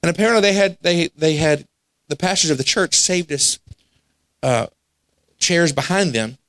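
Animated preacher with a higher voice. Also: male voice, normal speed, no echo. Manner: animated, acts out quoted voices, laughs at himself. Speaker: pastor. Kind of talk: storytelling sermon. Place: church sanctuary.

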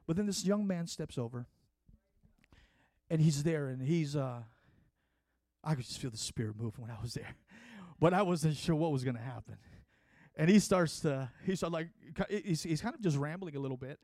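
A man delivers a sermon in an earnest, conversational manner, often restarting his sentences. His voice sits fairly high for a man. The sound is dry and close. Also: expressive, normal speed, long pauses, darkish tone, no echo. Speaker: preacher. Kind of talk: sermon with personal testimony.

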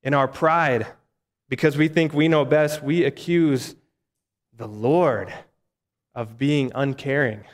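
A man's voice: medium pitch, slow, pauses often. A man preaching a sermon in a conversational way, often asking the listeners rhetorical questions. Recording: echoey hall reverb.

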